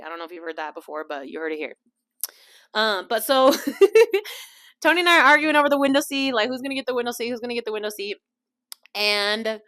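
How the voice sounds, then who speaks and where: A young woman hosting her own podcast, chatting casually about a trip, animated and laughing, acting out other people's lines. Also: mid-range voice. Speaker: podcast host. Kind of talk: casual storytelling chat.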